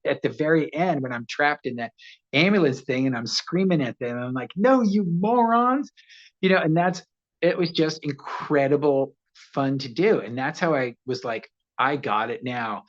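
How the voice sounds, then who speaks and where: Man, 60s, guest storyteller; animated, laughs a lot, acts out voices; slightly muffled audio. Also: medium pitch, normal speed. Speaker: actor guest. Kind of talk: casual interview storytelling.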